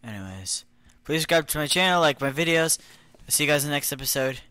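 A man commentating his own gameplay, muttering to himself, slipping into whispers and silly put-on voices, then bursting into shouts. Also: fairly high pitch, lively intonation, quick pace, no room sound. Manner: drops into unvoiced whispers. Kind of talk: playful let's-play commentary.

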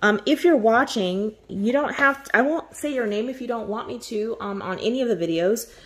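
A woman's voice: fairly high pitch, normal speed, a bit bright. A woman hosting a coloring channel, chatting casually and gushing over her birthday gifts with frequent laughter. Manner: gushing, effusive, laughs often.

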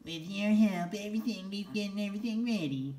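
A man voicing a sad, fretful little male elf helper in a storybook read-aloud, with a high wailing moan. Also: a little fast, darkish tone, lightly acted. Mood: worried.

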